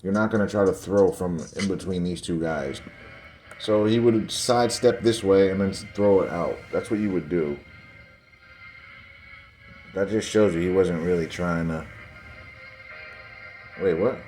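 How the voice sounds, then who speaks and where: A man's voice: deep voice, measured pace, pauses often, darkish tone, soft background music, rough recording. A man hosting his own sports video, talking casually over game footage in a dismissive, conspiratorial way, speaking straight to his viewers.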